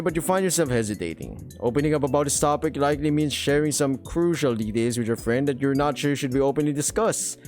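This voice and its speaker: A man with a mid-pitched voice reads the story text of a game aloud, now and then dropping a dry joke of his own. Soft music plays quietly behind him. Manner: dry joking asides between narration. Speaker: game streamer reading a visual novel aloud. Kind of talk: reading game narration aloud with casual asides.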